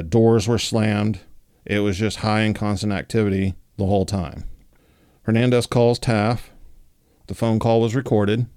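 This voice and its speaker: A man with a low voice tells a story in a loose, conversational way, full of filler words. The recording is dry and close, with no room echo. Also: clear, resonant tone. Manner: relaxed, many fillers like 'like' and 'you know'. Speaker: podcast host. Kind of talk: casual storytelling.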